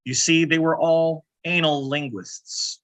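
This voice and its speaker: A man improv player delivering pun jokes in a wry, deadpan way. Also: on the high side, slow pace, low-quality recording. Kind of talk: casual joke telling.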